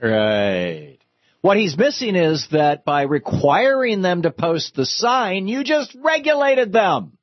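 A husky-voiced male radio host holds forth on politics, mocking his opponents with rising disbelief. His voice sits in a middle pitch, and the sound is dry and a little dull. Faint music plays behind him. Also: slow, dry recording. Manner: animated, sarcastic, rising to outrage. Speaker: radio talk show host. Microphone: studio microphone.

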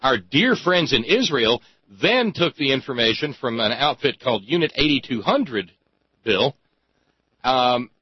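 Emphatic talk radio host, dry sound. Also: male voice, mid-range voice, breathy edge, no room sound. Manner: emphatic, drawn-out phrasing with many fillers. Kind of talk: talk radio monologue and call-in chat. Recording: dry, slightly dull radio studio sound.

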